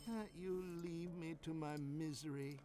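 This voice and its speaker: A man's voice: a little high, steady tone, a little slow, warm tone, lightly acted. An actor playing a miserable male villager who apologetically begs for help in a video game. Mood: pleading. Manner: mournful, apologetic pleading. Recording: game audio over music.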